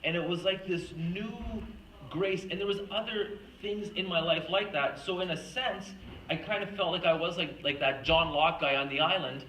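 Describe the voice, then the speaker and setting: A woman's voice: fairly low pitch, steady tone, normal speed, fairly bright tone, reverberant, distant mic, slight background noise, poor audio. A woman giving an earnest faith talk at a retreat, telling stories and acting out the quotes. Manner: earnest, storytelling, acts out quoted speech. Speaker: retreat speaker.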